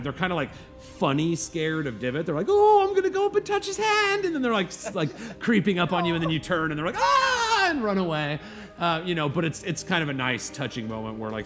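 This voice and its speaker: A man narrating as game master, rambling with many fillers and now and then squeaking out children's voices.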